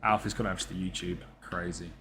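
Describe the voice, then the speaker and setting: A man's voice: low-pitched, fairly even intonation, fast, a bit bright. A young man streaming a football management game, chatting casually with viewers and swearing freely. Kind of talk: live gameplay commentary.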